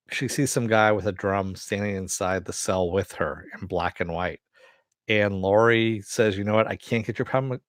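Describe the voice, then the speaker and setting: A man's voice: on the low side, dry recording, studio quality. A man recapping and reviewing a TV episode in a casual, rambling way, full of fillers, restarts and offhand swearing.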